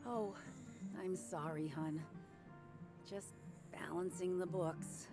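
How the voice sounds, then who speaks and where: A woman's voice: fairly low pitch, fairly even intonation, takes it slowly, over music. Older small-town cafe owner: motherly, chatty, a little nosy. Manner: gossipy, sweet, calls people dear and hun.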